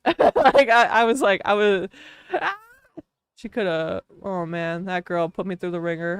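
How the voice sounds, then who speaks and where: A woman's voice: mid-range voice, moderate pace, clear, resonant tone, dry recording. A woman streamer telling a long casual story while gaming, chatty and full of fillers, laughing often.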